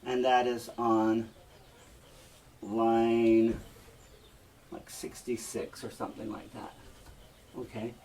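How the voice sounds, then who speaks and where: A man's voice: mid-range voice, little pitch movement, slow, pauses often, a little mellow, slight background noise. A male teacher giving a classroom lecture. He explains step by step and often checks in with the class.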